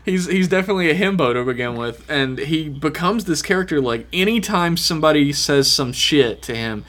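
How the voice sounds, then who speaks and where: A man's voice: on the high side, expressive, brisk, fairly bright tone. Laid-back man gushing on a podcast. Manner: enthusiastic, swears casually. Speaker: podcast co-host. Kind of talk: casual podcast chat.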